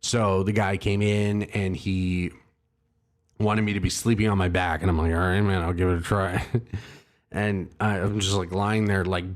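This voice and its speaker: A man hosting a livestream, telling a long, rambling, profane and self-mocking story to his chat. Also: low-pitched. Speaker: livestream host. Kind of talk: casual storytelling to a live chat.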